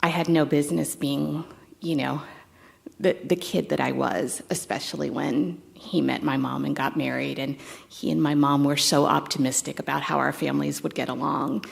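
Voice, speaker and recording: A woman in her fifties giving a eulogy for her stepfather, conversational and halting, with fond, wry asides. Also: low-pitched, steady tone, creaky. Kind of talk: memorial eulogy.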